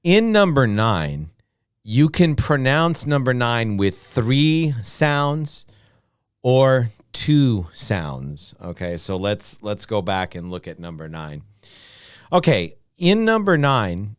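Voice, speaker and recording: This American man gives a slow, repetitive English lesson for beginners, pronouncing each word clearly and then repeating it, with plenty of "okay"s. His pitch swings widely as he models the words, and the close-up recording sounds smooth and dry.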